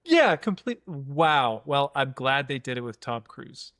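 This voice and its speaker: A man's voice: mid-range voice, very animated, unhurried, fairly bright tone, no room sound, studio quality. A man co-hosting a casual film podcast, easygoing, with short reactions and frequent laughter. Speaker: podcast co-host.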